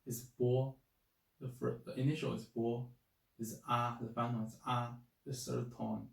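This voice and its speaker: A man's voice: medium pitch, little pitch movement, a little slow, creaky, roomy sound, distant mic, rough recording. A man teaching pronunciation, patiently repeating each syllable several times. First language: Chinese. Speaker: Chinese language teacher. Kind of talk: slow spoken language lesson.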